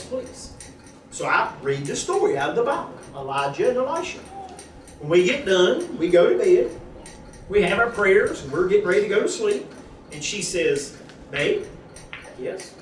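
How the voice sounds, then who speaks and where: Guy giving his testimony at church, lively up-and-down voice, folksy way of talking, mic kinda far off. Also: sits high. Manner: folksy, animated storytelling with acted-out quotes. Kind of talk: storytelling testimony. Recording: echoey room, distant mic, audience noise.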